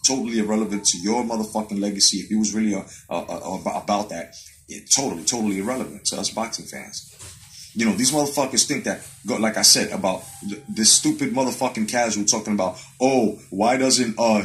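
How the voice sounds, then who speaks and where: A man's voice: fairly low pitch, a bit bright, rough recording. A man hosting a live stream about boxing, ranting in a heated, profane way, swearing constantly and hammering the same points again and again. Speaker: boxing commentary host. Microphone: live-stream webcam mic.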